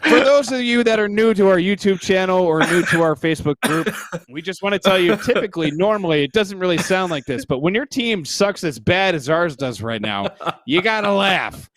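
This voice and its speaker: A man's voice: high voice, expressive, moderate pace, few pauses, fairly bright tone, dry recording. A man co-hosting a sports podcast, joking and sarcastic in casual banter. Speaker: podcast co-host.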